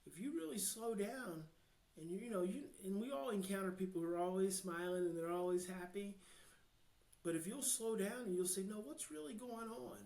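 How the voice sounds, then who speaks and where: Passionate American male guest expert, earnest, hushed-to-emphatic delivery, echoey room. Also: sits high. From United States. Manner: passionate, slows down to near-hushed then swells with emphasis. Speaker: guest, child behavior expert. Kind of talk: podcast interview, earnest advice.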